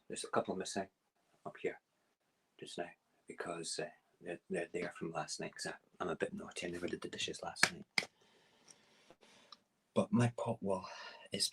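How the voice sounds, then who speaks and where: A man's voice: low voice, a bit bright, slightly rough, poor audio. A middle-aged man hosting a casual morning stream while cooking in his home kitchen, rambling and self-mocking. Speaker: morning show host.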